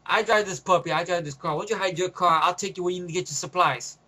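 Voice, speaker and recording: A man's voice: sits high, steady tone, fast talker, bright, forceful tone, husky, exaggerated voice. A man quoting a bold, playful young woman driver in his own voice, teasing and bossy.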